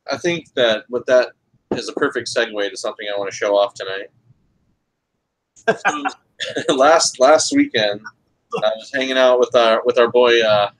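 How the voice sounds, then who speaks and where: Male podcast co-host, casual and relaxed, jokey banter, mid-range voice. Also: medium pitch, low-quality recording. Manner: laid-back, jokey, reads out chat comments. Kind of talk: casual chat.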